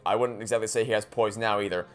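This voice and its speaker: A man voicing a stately, genial older judge, reading his lines with formal, lively delivery. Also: on the low side, fast, soft background music, close to an everyday voice.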